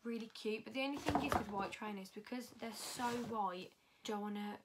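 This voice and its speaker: A woman's voice: mid-range voice, brisk, very noisy. A young woman chatting casually through a fashion haul, talking freely and swearing often. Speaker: fashion vlogger.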